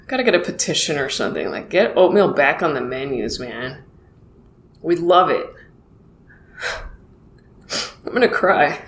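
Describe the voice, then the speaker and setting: Her low voice has lively intonation and a slightly bright quality, and she talks a little slowly with long pauses. A comedian podcast host in her thirties, she meanders through a solo comic monologue, playing out quoted conversations at her own expense, in an echoey room with a faint hum of noise.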